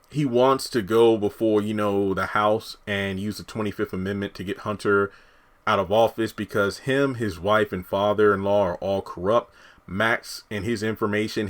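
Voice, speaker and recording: A man with a fairly low voice talks through a TV episode recap in a casual, rambling way. He pads his sentences with fillers and restarts as he goes. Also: normal speed. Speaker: TV episode reviewer.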